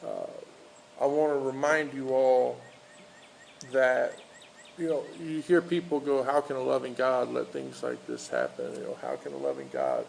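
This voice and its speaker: A pastor delivers a loose, unscripted sermon in a gravelly voice, stopping and restarting as he goes. He tells his story plainly, with many fillers. Faint background noise sits under his voice. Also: medium pitch, sing-song, measured pace, low-quality recording. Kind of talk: informal outdoor sermon with storytelling. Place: outdoors in a park.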